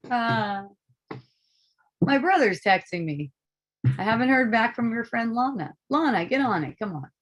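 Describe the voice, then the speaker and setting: A woman's voice: fairly high pitch, big pitch swings, slow, pauses often, muffled recording. A woman hosting a casual live group talk, rambling, swearing freely and breaking into laughter often. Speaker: host of a spiritual dialogue group.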